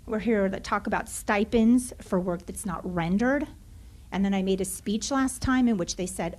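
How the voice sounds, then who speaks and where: A woman's voice: medium pitch, normal speed. Impassioned woman at public comment. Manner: impassioned, frustrated, pleading. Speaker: teacher speaking in public comment. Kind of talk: public comment at a school board meeting. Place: meeting chamber.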